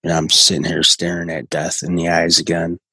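A man in his forties, a guest telling his recovery story in a halting, earnest way with many restarts. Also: low voice, monotone, sharp tone, slightly rough, no echo, rough recording. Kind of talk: personal recovery story in conversation.

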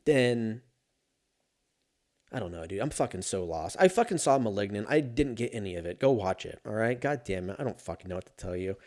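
A man's voice: lowish voice, expressive, brisk, a little mellow. A man hosting a casual solo podcast, rambling and swearing freely and making fun of himself as he goes. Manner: profane, rambling, self-mocking. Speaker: podcast host.

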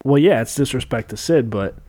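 A man's voice: mid-range voice, fairly quick, dark tone. A young man co-hosting a casual sports podcast. His talk is laid-back and full of joking, profane banter. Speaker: podcast co-host.

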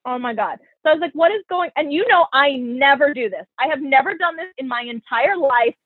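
A young woman hosting a casual chat, telling a story in an animated, profane way and acting out what others said. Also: high voice, a little fast, no room sound. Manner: animated, profane, quotes people in her stories. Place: New York. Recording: tinny phone-like audio.

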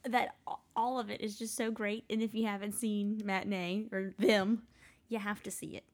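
A woman co-hosting a casual movie podcast, speaking softly in short replies. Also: mid-range voice, level tone, moderate pace. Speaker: podcast co-host.

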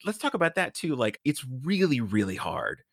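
A man co-hosting a podcast, chatting casually about movies, animated and swearing freely. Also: medium pitch, moderate pace, gravelly, no echo, clean studio sound. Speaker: podcast co-host.

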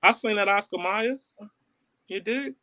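A man hosting a podcast in casual chat, loud and laughing as he bangs back and forth and swears freely. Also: sits high, a little slow. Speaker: podcast host.

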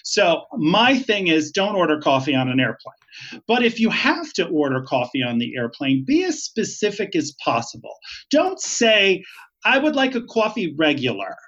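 A man's voice: fairly high pitch, sing-song, moderate pace, fairly bright tone. A retired flight attendant, a man, giving travel tips as a podcast guest in a casual, emphatic, chatty way and laughing easily. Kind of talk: casual interview. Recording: dull lo-fi sound.

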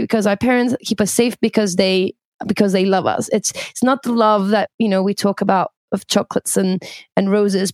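Woman practitioner, medium pitch, dry recording, thoughtful conversational tone. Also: a little mellow, no room sound. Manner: reflective, explanatory. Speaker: practitioner working with clients. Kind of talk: casual conversation.

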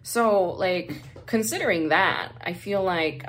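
A woman's voice: lowish voice, animated, moderate pace, a little hiss or hum. A woman hosting a podcast who chats casually and candidly, swearing freely and laughing often; English is her second language. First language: not English. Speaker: podcast host.

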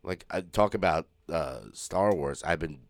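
A man's voice: sits low, unhurried, no echo, studio quality. A man co-hosting a podcast, chatting casually, rambling with restarts and swearing freely. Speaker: podcast co-host. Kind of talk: casual chat.

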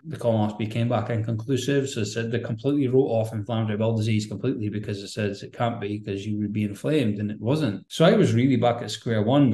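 A man's voice: on the low side, mellow, echoey room. A man, a podcast guest telling a candid personal story in a rambling, earnest, conversational way.

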